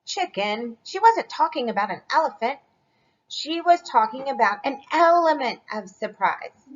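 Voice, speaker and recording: Woman doing a steady, patient storybook papa chicken with a lively lilt. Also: high voice, measured pace, muffled recording.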